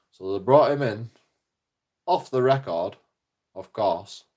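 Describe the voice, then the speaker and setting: A man's voice: lowish voice, unhurried. A man, telling a story on his channel in a casual, profane, indignant way. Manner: swearing heavily, animated, indignant. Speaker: channel host.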